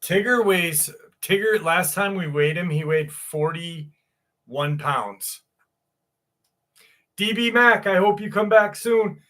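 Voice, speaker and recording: Guy just hanging out on his stream at home, swears a lot, talks slow and kinda high. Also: bright, forceful tone. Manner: loose, profane, chatty. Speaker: livestream host. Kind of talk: casual livestream chat.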